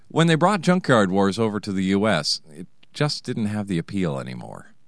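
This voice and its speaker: Deep-voiced American male storyteller with a wry, sarcastic, digressive manner and a lively delivery. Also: moderate pace, dry recording, clean studio sound. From United States. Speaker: narrator, host. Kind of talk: comic personal storytelling.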